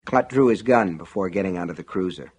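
A man reading an audiobook in a steady, wry storytelling manner. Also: sits low, fairly quick, breathy edge. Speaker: narrator. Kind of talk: audiobook narration.

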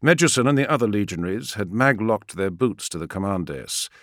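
A man reading a sci-fi war story aloud as an audiobook narrator, in a dramatic, measured way. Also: on the low side, expressive, fairly bright tone, no echo, studio quality. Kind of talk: scripted fiction narration.

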